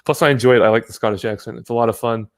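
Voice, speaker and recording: Casual chat guest: American man, mid-pitched voice, rambling, swears freely. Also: steady tone, rapid-fire. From United States. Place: home in California.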